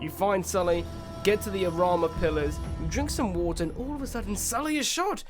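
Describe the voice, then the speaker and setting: High-voiced excitable male game reviewer. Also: brisk, over music. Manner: excitable, animated reactions.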